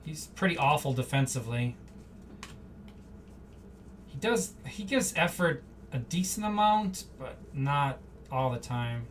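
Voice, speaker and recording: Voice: medium pitch, animated, measured pace, long pauses. Rambling live card-break host, a bit off-mic. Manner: rambling, off-the-cuff, chatty asides. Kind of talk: casual live-stream chatter while opening packs. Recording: slightly distant mic, faint background hum.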